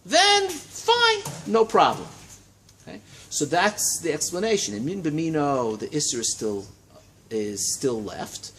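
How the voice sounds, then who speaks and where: A man teaching a Talmud class in a study hall, lecturing in a lively way and checking in with his students. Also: on the high side, a little hiss or hum. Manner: animated, lively teaching with frequent check-ins and rising emphasis.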